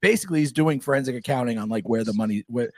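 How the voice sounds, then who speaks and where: A man's voice: medium pitch, racing. A man co-hosting a podcast in casual, profane banter, often laughing as he riffs. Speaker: podcast co-host.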